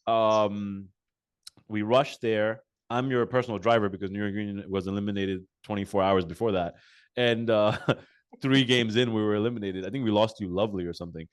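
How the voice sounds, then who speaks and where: A man hosting a casual sit-down interview, telling animated stories full of fillers and restarts. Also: on the low side, brisk, clean tone. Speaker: podcast host.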